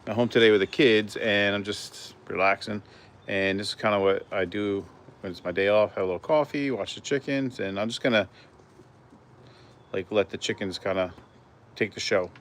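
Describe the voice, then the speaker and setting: A man filming his backyard chickens on a handheld phone, chatting in a relaxed, rambling way and talking to his hens outdoors. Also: on the low side, moderate pace, a little hiss or hum. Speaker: backyard chicken keeper, vlogger. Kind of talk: casual walk-and-talk vlog. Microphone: handheld phone camera.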